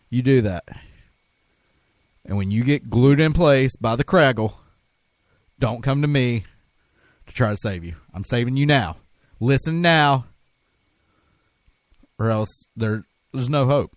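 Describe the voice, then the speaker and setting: A man's voice: mid-range voice, dry recording. A man hosting a talk radio show, delivering an impassioned, emphatic monologue with frequent restarts. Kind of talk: conspiracy talk radio rant.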